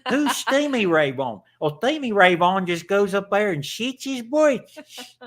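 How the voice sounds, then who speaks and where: A man doing a high, squawking, cartoonish voice for a small-town character. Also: sing-song, measured pace, a bit bright, full character voice. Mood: silly.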